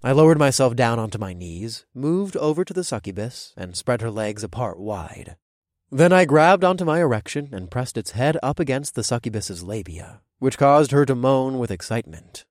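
A man reading a first-person story aloud, his voice rising and falling in lively swings around a middle pitch. The recording is dry and close, with no room sound. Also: moderate pace, no echo. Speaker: narrator. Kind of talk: first-person scripted narration.

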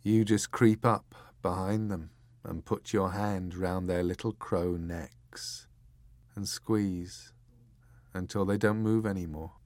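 A man doing a slow, dim-witted brute. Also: fairly even intonation, darkish tone, dry recording. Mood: gleefully brutal. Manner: very slow, low and plodding. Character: dim, brutish male henchman, slow-witted.

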